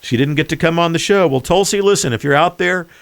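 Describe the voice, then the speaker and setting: A man's voice: fairly high pitch, fast, vocal fry, clear, resonant tone, no echo. A man hosting his own podcast, delivering a sarcastic, mocking political commentary monologue. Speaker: podcast host.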